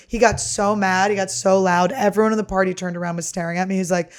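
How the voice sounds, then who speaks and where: A medium-pitched woman talks fast with hardly any pauses, a comedian spinning casual stories on her podcast. Animated and profane, she laughs constantly while she tells them.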